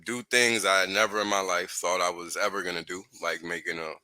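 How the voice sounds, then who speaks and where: A man's voice: deep voice, steady tone, a little fast, sharp tone, no room sound. A man talking in an earnest, grateful, laid-back way as a guest in a livestream chat over a computer mic.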